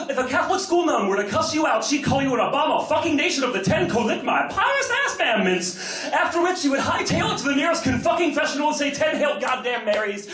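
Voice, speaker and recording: An American man performing a spoken-word slam poem with dramatic, swooping delivery and comic cussing. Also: high-pitched. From United States. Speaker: slam poet. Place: large hall on stage. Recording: roomy hall from a distance.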